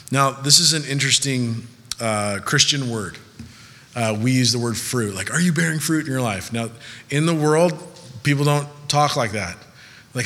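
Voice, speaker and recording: Animated pastor in a reverberant hall. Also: male voice, mid-range voice, normal speed. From Southern California. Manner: conversational, animated storytelling with laughs. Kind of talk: sermon. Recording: long reverb of a large hall.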